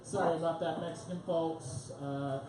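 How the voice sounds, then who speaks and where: A man's voice: fairly high pitch, steady tone, moderate pace, crowd noise. A young man opening a crude, self-deprecating stand-up set. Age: young adult. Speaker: stand-up comedian. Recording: echoey club room with noise.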